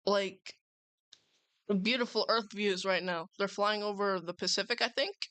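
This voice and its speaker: An excitable woman hosting a live reaction stream, talking in loose slang and swearing often. Her voice sits at a middling pitch. The sound is close and dry, with no room echo. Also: normal speed, clear, resonant tone. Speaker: livestream host. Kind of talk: casual live reaction chat.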